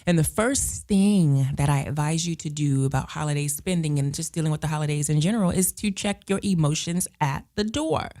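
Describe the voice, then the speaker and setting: A woman hosting a radio talk show, telling stories in an animated way and acting out the voices of the people in them. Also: sits low, fairly quick, hardly any pauses. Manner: animated storyteller, acts out voices.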